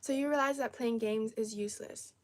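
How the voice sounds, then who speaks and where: A woman's voice: on the high side, fairly even intonation, brisk, dry recording. A young woman from China, a native Cantonese speaker, chatting casually on a livestream and answering viewers' comments. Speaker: livestream host. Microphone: phone or camera on tripod.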